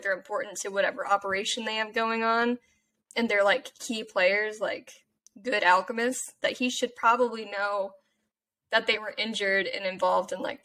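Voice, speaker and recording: A woman's voice: medium pitch, bright, forceful tone. A woman co-hosting a casual chat, reacting with emotion and laughter and raising questions. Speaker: podcast co-host.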